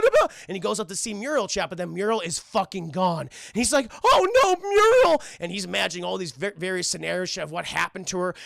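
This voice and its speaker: A man's voice: high-pitched, gravelly, sharp tone, dry recording, studio quality. A man streaming a casual cartoon recap, swearing freely and talking to his chat. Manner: profane, keeps addressing chat.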